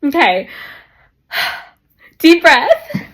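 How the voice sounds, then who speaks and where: A young woman in her twenties talks through an unboxing in a chatty vlog voice. Her pitch sits a little high and swings widely as she gushes, and she fills her speech with "like" and "um". At times she sounds teary with excitement. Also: extremely slow. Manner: gushing and excitable, lots of fillers like "like" and "um". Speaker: luxury handbag vlogger.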